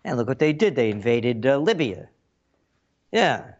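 A man's voice: mid-range voice, sing-song, measured pace, lo-fi sound. A man hosting a talk radio show, delivering a sarcastic, facetious monologue with a frog in his throat.

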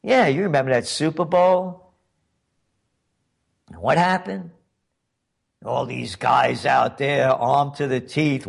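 A man's voice: medium pitch, creaky, slightly rough. A man hosting a commentary show, delivering a sarcastic, emphatic political monologue full of rhetorical questions.

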